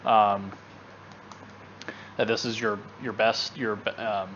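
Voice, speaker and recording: A man with a fairly low voice co-hosts a gaming show in loose, casual chat. He rambles and restarts his sentences often. The recording is dull and lo-fi. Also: flat delivery, slow, a bit bright, a little hiss or hum. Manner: rambling, with many fillers and restarts. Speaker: gaming channel co-host.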